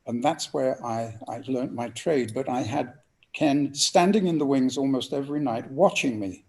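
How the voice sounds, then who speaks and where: Gravelly older storyteller. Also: male voice, mid-range voice, normal speed. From England. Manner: lively anecdotal storyteller, acts out voices. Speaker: actor and audiobook narrator. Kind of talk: storytelling interview guest.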